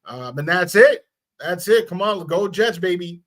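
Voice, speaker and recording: High-voiced, enthusiastic man co-hosting. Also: animated, measured pace, fairly bright tone. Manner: enthusiastic, plugging his channels. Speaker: podcast co-host. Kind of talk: casual sports podcast chat.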